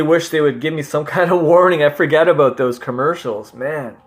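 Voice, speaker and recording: Loud music backs this language learner vlogger, whose voice is on the high side. He jokes his way through language app lessons in a casual, playful manner, laughing at himself and reading French words aloud slowly.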